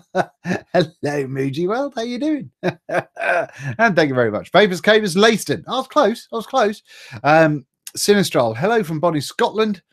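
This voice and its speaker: A middle-aged man runs a casual live stream, reading out viewers' names and greetings. He is chatty and jokey, trips over tricky names, and his voice sits a little high for a man. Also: very animated, moderate pace.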